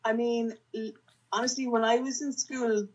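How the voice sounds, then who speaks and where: A woman's voice: fairly high pitch, little pitch movement, moderate pace, a little mellow, breathy edge, dull audio. A young woman chatting casually as a podcast guest, laughing often and joking about herself. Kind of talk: casual chat.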